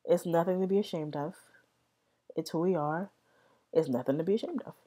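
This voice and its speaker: A woman's voice: fairly low pitch, brisk, dark tone. A young adult woman explaining language in a casual vlog, rambling, repeating herself and often asking "right?". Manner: rambling, repeats words, many "right?" checks.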